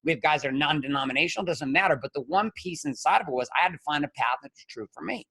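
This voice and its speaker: A man speaking as a podcast guest and men's coach, blunt and profane, swinging between shouted outbursts and low, intense stretches. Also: rapid-fire, breathy edge. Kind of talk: impassioned conversational monologue.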